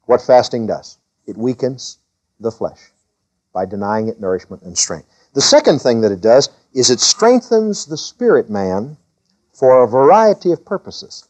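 A man preaching a sermon as a pastor, reading scripture in a lifted voice and dropping low to explain it. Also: darkish tone, muffled recording.

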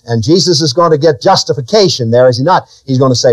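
A fast-talking man preaches a sermon, firing questions at his listeners and letting his voice rise and drop sharply for emphasis, recorded without echo.

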